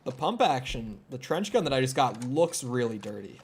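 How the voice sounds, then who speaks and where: A young gaming streamer from Minnesota talks at normal speed with few pauses, his medium-pitched, slightly rough voice swinging widely in pitch. In a strong Minnesota accent he rambles casually over gameplay, swearing often and filling gaps with "like."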